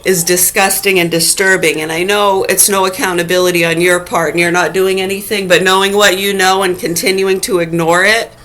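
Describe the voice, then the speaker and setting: A mother ranting angrily to camera in a vlog, cursing heavily and swinging between low muttering and shouted outbursts. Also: little pitch movement, brisk, hardly any pauses, rough recording. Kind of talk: angry profane rant vlog.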